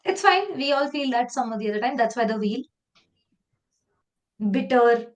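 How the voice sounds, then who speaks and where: A woman with an Indian English accent leading a live online training session, talking in a lively, conversational way and slipping into Hindi phrases. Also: on the high side, normal speed.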